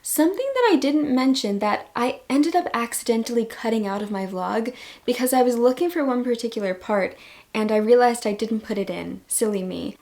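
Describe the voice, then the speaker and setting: A woman's voice: on the high side, darkish tone. A young woman in a casual book review vlog, talking to her viewers with gushing enthusiasm about the books she loves. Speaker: book vlogger.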